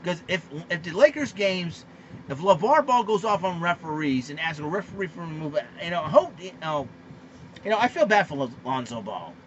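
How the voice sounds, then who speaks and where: A man rants about sports news as a podcast host, getting indignant and stacking up fillers and repeats. His voice sits high and leaps around a lot. The recording is dull and lo-fi with a faint hiss underneath. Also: normal speed. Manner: excitable, indignant, repeats himself with many fillers. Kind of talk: ranting sports commentary monologue.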